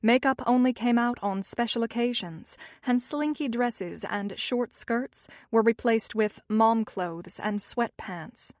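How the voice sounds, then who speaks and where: A woman reads a thriller audiobook in an even, measured narration. Her voice sits slightly high, and the recording is dry and close, with no room sound. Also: no room sound.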